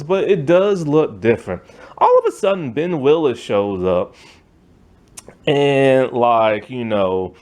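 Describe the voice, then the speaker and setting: A man's voice: mid-range voice, a little mellow. A man giving a casual, rambling movie review rant, loose and exasperated, with lots of filler words.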